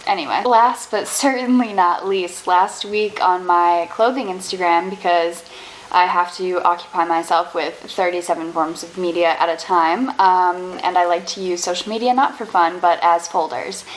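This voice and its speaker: Young canadian woman rattling off funny embarrassing stories to her camera, quick and animated. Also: lowish voice, a little hiss or hum, rough recording. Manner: fast, animated and self-deprecating storytelling. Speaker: vlogger. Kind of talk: casual storytime.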